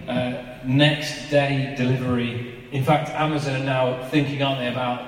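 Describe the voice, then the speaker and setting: A man in his thirties delivers a relaxed, conversational sermon, often turning to the congregation with rhetorical questions. His voice sits at an ordinary pitch and is picked up from a distance. It rings out with the long reverb of a large hall. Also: a little slow. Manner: chatty, asks the audience rhetorical questions. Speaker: preacher. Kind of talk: informal sermon. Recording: echoey hall from far off.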